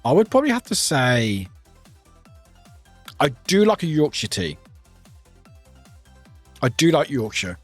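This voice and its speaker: A man's voice: on the high side, huge pitch swings, unhurried, pauses often, husky, soft background music. A British man chatting casually with his livestream viewers, rambling and often laughing at himself. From United Kingdom.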